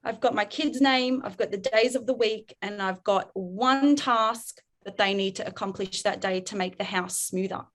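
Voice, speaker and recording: A woman parenting coach talking frankly on a podcast, lively and quick to act out the voices she quotes. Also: mid-range voice. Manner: frank, swears casually. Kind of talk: podcast interview chat.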